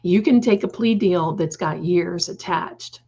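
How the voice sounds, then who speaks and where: A chatty woman with a fairly low voice hosts a casual livestream, reading the chat aloud and calling her viewers darling. She drifts into snarky, opinionated asides. The audio is dull and lo-fi. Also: a little slow, gravelly, warm tone, breathy edge. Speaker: livestream host.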